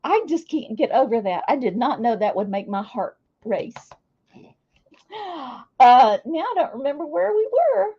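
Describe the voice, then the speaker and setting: A woman's voice: fairly high pitch, very animated, normal speed, hardly any pauses, slightly rough, dull audio. A woman hosting a casual livestream, chatting with viewers and calling out their names with a chatty, self-deprecating manner. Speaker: livestream host.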